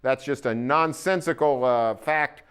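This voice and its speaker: A man with an Oklahoma accent co-hosting a casual sports talk show, folksy and opinionated, with plenty of pauses. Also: mid-range voice, a bit bright, clear, resonant tone. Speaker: sports columnist co-host.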